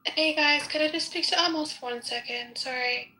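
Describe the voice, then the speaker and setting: High blunt woman in a voice chat. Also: moderate pace, pushed and bright, poor audio. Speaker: listener asking the host. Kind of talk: casual live audio room chat.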